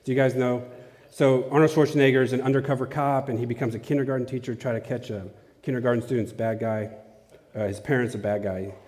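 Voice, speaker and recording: A man's voice: medium pitch, steady tone, fast, darkish tone. A man giving a casual, conversational sermon in a church, often checking in with his audience. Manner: casual, asks the audience questions. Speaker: preacher. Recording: long hall reverb.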